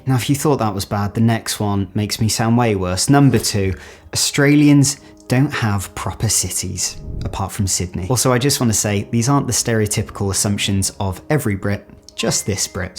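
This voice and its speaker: A young British man, an actor and vlogger, narrating in a chatty, self-mocking way and stretching out the words he wants to stress. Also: lowish voice. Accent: British English. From Britain. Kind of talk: scripted vlog narration.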